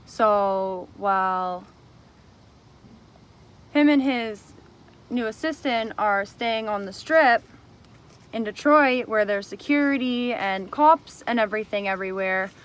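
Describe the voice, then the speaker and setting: A woman's voice: mid-range voice, slow pace, pauses often, clear, resonant tone. A young woman speaking straight to the camera, angrily accusing someone and then explaining her side of events. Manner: angry, accusing and confrontational at first, then calmer explaining. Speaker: speaker recounting a personal grievance. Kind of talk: emotional direct-to-camera testimony.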